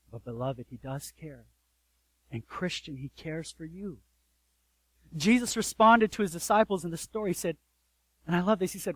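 A man with a high, light voice delivers an earnest sermon in a dry, close room. He swells to loud emphasis, then drops almost to a hush, and keeps turning to his listeners with rhetorical questions. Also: animated, moderate pace, dry recording, rough recording. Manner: addresses listeners directly, asks rhetorical questions. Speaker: pastor.

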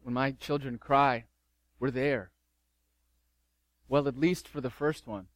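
A man's voice: mid-range voice, fairly even intonation, takes it slowly, no room sound. A middle-aged man preaching a sermon as pastor, fervent and emphatic, repeating key phrases.

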